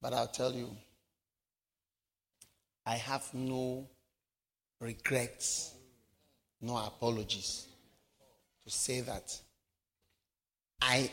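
A man preaching a sermon, swinging from shouted lines to hushed asides. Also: medium pitch, level tone, extremely slow, gravelly, long pauses, big-room sound. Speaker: pastor.

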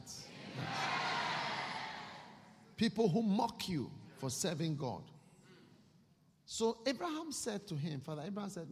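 Husky, animated male preacher in a hall. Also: fairly high pitch, measured pace, long pauses. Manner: animated storytelling, acting out characters. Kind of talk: sermon. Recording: long reverb of a hall.

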